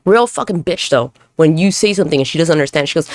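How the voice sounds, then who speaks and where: A woman's voice: low voice, lively intonation, fast talker, no room sound. A woman hosting a casual solo podcast, rambling and swearing freely as she mocks herself. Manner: rambling, profane, self-mocking. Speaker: podcast host.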